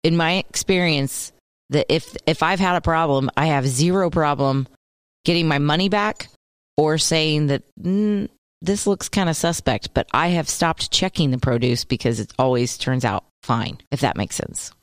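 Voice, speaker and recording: A woman's voice: deep voice, normal speed, no echo. A woman co-hosting a radio show in casual, playful on-air chat, laughing often, close to a studio microphone. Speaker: radio co-host.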